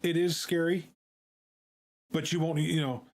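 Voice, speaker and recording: A man streaming, talking in a casual, halting way with many fillers and repeated words. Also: a little high, little pitch movement. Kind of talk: casual live-stream chat.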